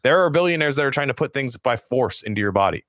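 A man's voice: mid-range voice, animated, fast talker, a bit bright, no room sound, clean studio sound. A man co-hosting a podcast in casual political chat, rambling with many restarts, fillers and swearing. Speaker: podcast co-host.

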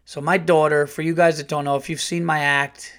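A man hosting his podcast, telling a comic story in an animated, profane, rambling way full of restarts. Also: on the high side, fairly quick. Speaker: podcast host, comedian.

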